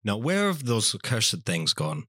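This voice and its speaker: Saucy Irish leprechaun lass. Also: male voice, on the low side, wildly swooping pitch, unhurried, a bit bright, slightly rough, no echo, clean studio sound, exaggerated voice. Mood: teasing. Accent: put-on Irish. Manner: playful brogue, laughs through lines. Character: cheeky bawdy female leprechaun, small and sly. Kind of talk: comedic dramatic reading.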